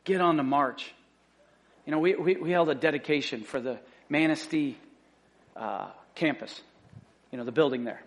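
A middle-aged man preaching a sermon as lead pastor, fervent and emphatic, repeating key phrases and swinging from loud excited bursts to quiet asides. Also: normal speed, long pauses. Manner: fervent, emphatic repetition, rising to excited outbursts then dropping low.

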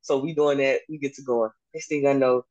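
A young adult woman, a basketball coach, telling her story in a casual interview and acting out the dialogue with lively laughs. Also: rumbling low, a little fast, lo-fi sound. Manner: animated, acts out dialogue, laughs often. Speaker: basketball coach and podcast guest.

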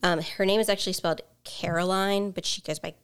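Smooth, low-voiced woman co-host. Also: steady tone, rapid-fire. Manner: hesitant, meandering, many fillers. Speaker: podcast co-host. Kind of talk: casual chat.

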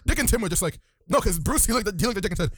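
Male podcast co-host, high lively voice, rapid, dry close-mic sound. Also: breathy edge, dry recording. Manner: animated, laughing, acts out characters in quick bits. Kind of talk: casual chat.

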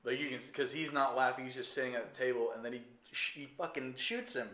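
A man's voice: mid-range voice, fairly even intonation, fast talker, sharp tone. A man co-hosting a casual podcast chat, telling stories animatedly and acting out scenes, with plenty of profanity. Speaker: podcast co-host. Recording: echoey room.

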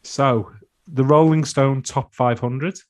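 A man's voice: mid-range voice, steady tone, slow pace. A man co-hosting a music podcast, chatting casually in a dry, opinionated, sweary way. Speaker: podcast co-host.

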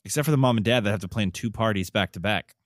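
A middle-aged man co-hosting a podcast, talking in an animated way with quick laughs and restarts. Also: lowish voice, no room sound, clean studio sound. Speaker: podcast co-host. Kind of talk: casual chat.

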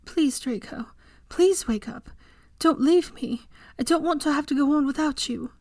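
A distraught young woman with a raised, quivering voice, as a woman reads her out, begging through tears. Her breathy pleas sink at times almost to a whisper. The room is dry and close. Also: high-pitched, fairly quick, darkish tone, dry recording, voice pushed up, natural voice. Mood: tearful pleading. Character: tearful young woman pleading over her wounded love.

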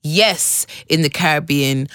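Animated woman, candid chat. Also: deep voice, takes it slowly, no room sound, studio quality. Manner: candid, animated, says "bruv" and "I'm telling you". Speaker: guest. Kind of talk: casual chat.

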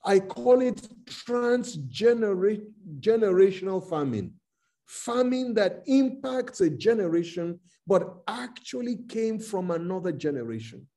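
A man with a Nigerian accent preaching a sermon, slow and emphatic, with dramatic retellings. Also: high voice, expressive, dark tone.

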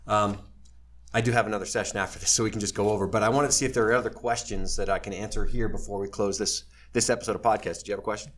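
A middle-aged man with a somewhat low voice tells his own story to a live audience. He is candid and wry, poking fun at himself, and his voice lifts when he quotes other people. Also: very fast. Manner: wry, self-deprecating, animated when quoting others. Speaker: speaker sharing his life story.

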